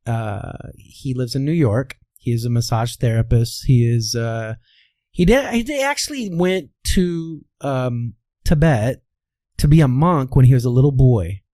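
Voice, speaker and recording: Unhurried and warm, his medium-pitched voice is expressive, with no room sound. This voice coach from Kansas, USA, speaks with a softened Midwestern American accent, recounting anecdotes in a conversational interview and often checking in with "all right."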